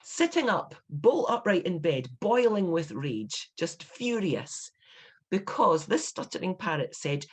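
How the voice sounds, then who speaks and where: Scottish woman author, 50s, lecturing writers; emphatic, animated, quick to indignation. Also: fairly low pitch, breathy edge. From Scotland. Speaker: author giving a writing talk. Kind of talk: instructive talk to writers.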